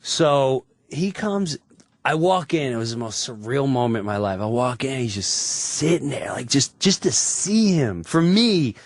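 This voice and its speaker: A man from Long Island telling an animated story as a guest on a radio talk show, acting out the scene with hushed asides. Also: medium pitch, measured pace, dry recording, clean studio sound. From Long Island, New York. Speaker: comedian guest.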